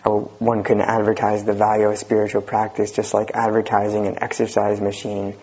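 Husky male Zen teacher, dry wit, lo-fi recording. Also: on the low side, completely flat delivery, fairly quick, a little mellow. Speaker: Zen teacher giving a talk. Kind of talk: dharma talk reading and commenting. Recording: dull lo-fi recording.

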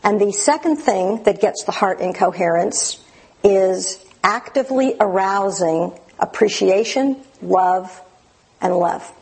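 A woman teaching meditation in a dharma talk, gentle and unhurried with many fillers and restarts. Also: mid-range voice, expressive, low-quality recording. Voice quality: gravelly, very husky.

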